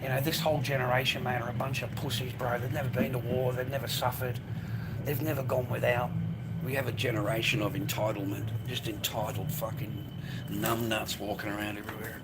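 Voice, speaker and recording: A man's voice: medium pitch, flat delivery, brisk. An Australian man ranting to his phone as he walks along a street, rambling and profane, calling everyone mate and bro. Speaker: vlogger. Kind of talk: ranting monologue to camera while walking. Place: outdoors, walking along a street and path. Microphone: phone held while walking. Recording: phone recording with loud street noise. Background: loud traffic and street noise.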